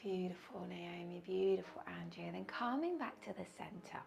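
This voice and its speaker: Gravelly-voiced woman guiding a calm yoga class. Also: lowish voice, noisy background. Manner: slow soothing guidance with audible sighs. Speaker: yoga teacher. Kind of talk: guided yoga class instruction. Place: indoors, windy weather outside.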